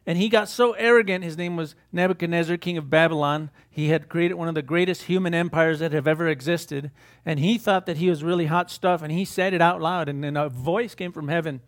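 An older man preaching an informal sermon in a folksy, emphatic way, chuckling at his own asides. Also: on the high side.

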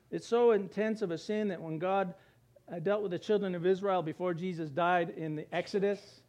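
High-voiced man preaching a sermon. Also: a little mellow, muffled recording. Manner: conversational preaching with acted-out voices and chuckles. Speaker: pastor.

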